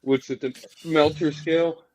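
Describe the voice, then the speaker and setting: A man's voice: a little high, fairly even intonation, normal speed. A man on a casual wrestling podcast who makes short, laid-back remarks.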